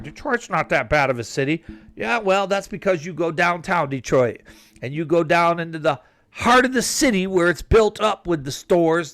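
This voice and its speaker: A man's voice: fairly high pitch, fairly bright tone. A man delivering a fired-up, indignant opinion monologue, often tacking on "man". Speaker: commentator.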